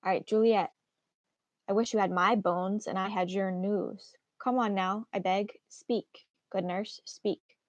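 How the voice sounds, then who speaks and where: A woman's voice: mid-range voice, fairly even intonation, measured pace, dry recording, lo-fi sound, close to an everyday voice. A woman reading aloud as an impatient, eager teenage girl who pleads and presses with question after question. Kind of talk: read-aloud of a play.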